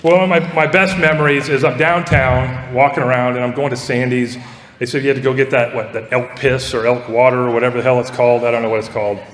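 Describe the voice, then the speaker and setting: A man with a mid-range voice gives a joking, profane roast speech at a quick pace and with fairly even intonation, laughing at his own lines. The audience laughs along in a large party hall, so the recording is echoey and full of crowd noise.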